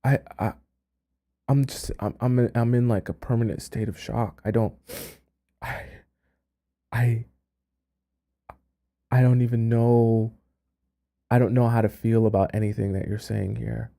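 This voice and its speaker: A mellow-voiced man hosts a live stream from a home setup, reacting to a viewer's letter. He stammers and repeats himself in stunned disbelief, his voice sitting at an ordinary middle pitch. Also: fairly even intonation, a little slow, vocal fry, long pauses. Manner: stammering, incredulous, dropping to mutters and breaking into laughter. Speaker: dating coach and live-stream host.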